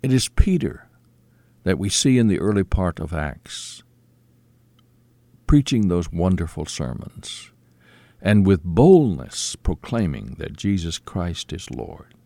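A man preaching a sermon, explaining scripture slowly and quoting it as he teaches. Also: deep voice, sing-song, creaky, dark tone, no echo.

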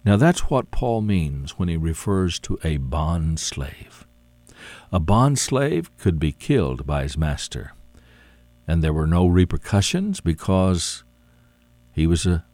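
Slow, deep-voiced preacher man. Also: darkish tone, no room sound. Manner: slow, deliberate preaching with rising and falling emphasis. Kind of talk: sermon.

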